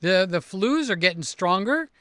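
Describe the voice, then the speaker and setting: Older guy rambling on a livestream, bright clear voice, slow and chatty, gets excited giving shout-outs. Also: high-pitched, no room sound, clean studio sound. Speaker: livestream host. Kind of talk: casual livestream chat.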